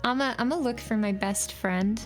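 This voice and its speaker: A woman's voice: on the high side, normal speed, soft background music. A woman playing in an improvised tabletop game, talking hesitantly with giggles. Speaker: player.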